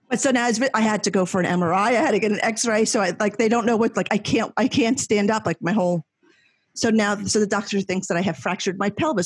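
A middle-aged woman, a guest in a casual chat, telling rambling, animated stories and laughing often. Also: medium pitch, quick pace, husky, no echo.

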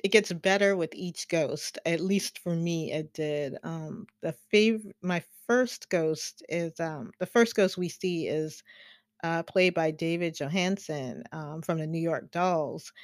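A woman's voice: lowish voice, takes it slowly, dry recording, clean studio sound. A woman hosting a casual film review, chatty and rambling, laughing often between fillers.

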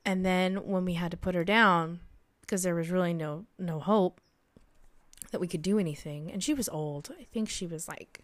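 A woman's voice: fairly low pitch, normal speed. A woman giving a spiritual monologue as a psychic medium, earnest and emotional, rambling with many restarts.

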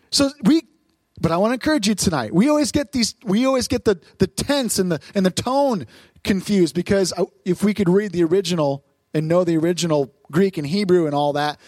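High-voiced preaching man, dry sound. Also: fairly quick, dry recording. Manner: lively preaching, acting out voices and asking the crowd. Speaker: pastor. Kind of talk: sermon.

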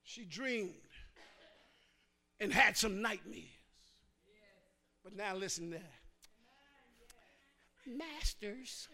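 A man preaching a call-and-response sermon in a church. He drops to hushed asides, then shouts the next line, repeats phrases and urges the congregation to answer back. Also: high-pitched, animated, drawn-out words, gravelly, long pauses.

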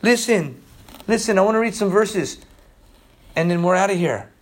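A man preaching an excitable Bible-study sermon, exclaiming and laughing, slangy, swinging between hushed awe and loud outbursts. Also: high voice, normal speed.

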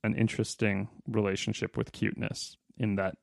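A man's voice: lowish voice, level tone, fairly quick, vocal fry, dry recording, studio quality. A man co-hosting a casual podcast, chatting playfully and reading aloud from a book. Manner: playful, puts on voices when reading quotes. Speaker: podcast co-host.

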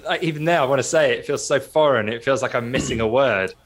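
A man's voice: medium pitch, fast talker. A man co-hosting a casual podcast chat, easygoing and self-mocking. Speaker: podcast co-host.

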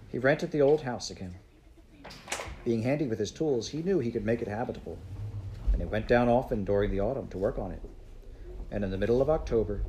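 A man reading a classic children's storybook aloud in a measured, unhurried way. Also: lowish voice, dark tone, slight background noise, poor audio. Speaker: audiobook narrator.

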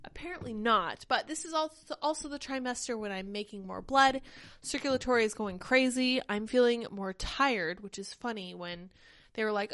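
A woman's voice: on the high side, moderate pace, no room sound, clean studio sound. A young woman hosting a livestream podcast, talking casually and animatedly, a little short of breath. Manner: chatty, animated, reads chat comments aloud. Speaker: podcast host.

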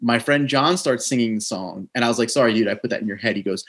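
A man from New Jersey co-hosts a casual podcast, and his pitch swings widely as he tells playful stories. His voice has a husky, slightly rough edge. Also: quick pace, few pauses. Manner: playful, animated storytelling with laughs. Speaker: podcast co-host.

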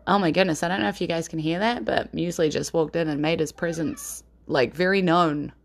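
A woman's voice: deep voice, gravelly. A woman with a New Zealand accent, chatting casually and rambling cheerfully as a podcast host. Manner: chatty and rambling, quick to laugh. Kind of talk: casual chat.

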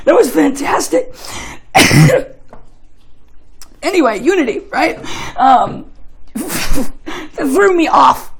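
A man's voice: very high-pitched, sing-song, very slow, long pauses, rough recording. A young man giving a casual, joking sermon, telling chatty stories and often laughing. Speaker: preacher.

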